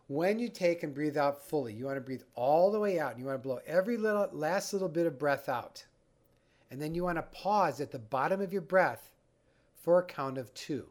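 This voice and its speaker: A man teaching a breathing exercise for anxiety, guiding the listener step by step in a calm, instructive way. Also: a little high, a little fast. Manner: calm, guiding, acts out the panicked mind. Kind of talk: instructional talk.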